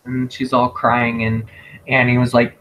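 A man co-hosting a podcast, recapping scenes in a lively way and laughing often. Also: medium pitch, measured pace, a little hiss or hum, rough recording. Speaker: podcast co-host. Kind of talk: casual chat.

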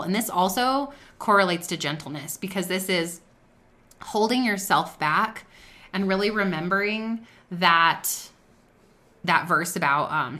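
A woman's voice: on the low side, sharp tone. A woman hosting a faith-based business talk, speaking earnestly and conversationally and sharing personal stories. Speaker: podcast host.

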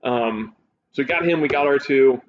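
A man's voice: mid-range voice, moderate pace. Casual male co-host, eager storyteller, slightly muffled audio. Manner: excited, animated recounting of a show. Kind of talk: casual chat. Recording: dull audio with faint hiss.

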